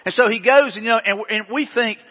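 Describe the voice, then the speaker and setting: A male pastor with a high, husky voice tells stories at a quick pace in a folksy, conversational sermon to his congregation, tossing in folksy asides. His words trail off into a long church-hall echo, and the sound is dull and lo-fi.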